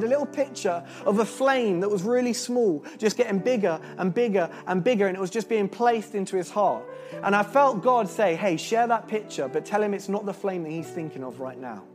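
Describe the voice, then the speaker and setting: Young male preacher, high voice, earnest storytelling sermon over faint music. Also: a little fast. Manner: earnest and animated, with restarts and laughs.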